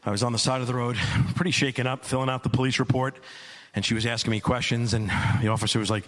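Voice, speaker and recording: A man in his forties performing a stand-up comedy set, telling stories deadpan and building to loud absurd bits. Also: medium pitch, quick pace.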